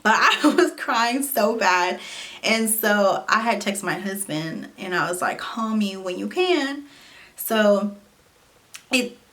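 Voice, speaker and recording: A young woman talks straight to camera in a casual vlog, telling a personal story. She is animated and chatty, and she leans on "like" and "you know" as she goes. Her voice sits at an ordinary middle pitch for a woman. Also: slow pace. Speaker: vlogger.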